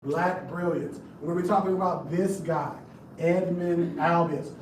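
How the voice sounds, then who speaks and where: A man's voice: a little high, fairly even intonation, measured pace. Chatty man presenting in an echoey room. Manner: chatty, jokey, talks straight to the audience. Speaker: presenter giving a live history talk. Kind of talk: casual live lecture. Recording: echoey room, distant mic, background noise.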